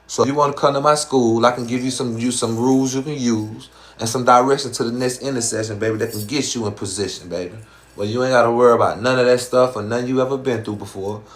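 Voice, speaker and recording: A man's voice: medium pitch, fairly even intonation, quick pace. A man with a Southern American accent, hosting a live stream in casual chat and talking in slangy, profane, rhyming streetwise patter. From Southern US, Georgia.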